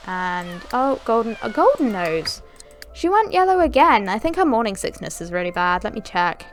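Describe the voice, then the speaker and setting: A young woman hosts a gaming channel, giving casual let's-play commentary as she chats and giggles while talking to her game characters. Her voice is on the high side and a bit bright.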